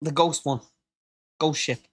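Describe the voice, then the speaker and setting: A British man hosts a casual live podcast in a husky voice, talking a little slowly with fairly even intonation. He jokes and laughs, occasionally slipping into silly high-pitched voices when quoting someone.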